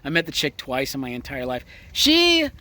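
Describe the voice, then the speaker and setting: A man's voice: medium pitch, huge pitch swings, normal speed, bright, forceful tone, no room sound. A man ranting casually about the news as a vlogger, crude and mocking, talking outdoors near a horse. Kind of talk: casual political rant.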